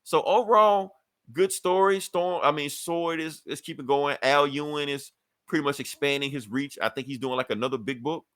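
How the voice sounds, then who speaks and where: A man's voice: on the high side, moderate pace, fairly bright tone, no room sound. A man casually recapping a comic book on a podcast, acting out the characters' lines and swearing freely. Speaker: podcast co-host reviewing comics.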